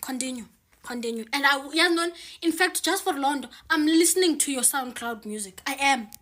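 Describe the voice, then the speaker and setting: A woman's voice: sits high, a little fast, pushed and bright. A South African woman in a casual clip, talking playfully and mixing English with Xhosa phrases. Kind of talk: casual social media clip.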